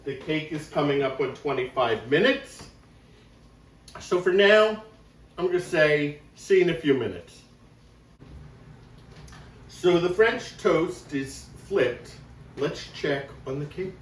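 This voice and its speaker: A man hosting a casual home cooking vlog, chatting slowly and warmly to viewers as he cooks. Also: a little high, expressive, slight background noise. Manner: slow, homey, talks to viewers while cooking. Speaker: cooking show host. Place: home kitchen. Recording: echoey kitchen, mic far off.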